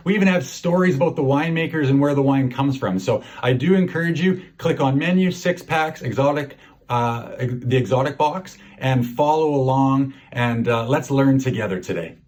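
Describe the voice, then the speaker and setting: A man's voice: medium pitch, a little mellow. A man from Canada guiding a virtual wine tasting for a charity event, upbeat, chatty and a bit salesy.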